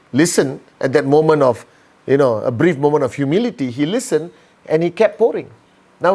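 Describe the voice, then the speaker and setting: A man's voice: high voice, darkish tone. A man giving a motivational training lesson by telling a story, often checking in with "all right?" and "okay".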